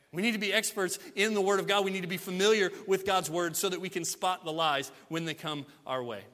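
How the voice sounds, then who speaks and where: Bright-voiced preaching pastor, man. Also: a little high, in a large hall. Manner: emphatic, repetitive preaching with rhetorical questions. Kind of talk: sermon.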